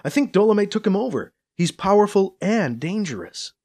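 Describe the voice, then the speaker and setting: A man voicing Del, an analytical male scientist who speaks in a measured way. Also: high-pitched, big pitch swings, a little mellow, pitched above the performer's own voice, exaggerated voice. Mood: grave. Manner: measured, confirming.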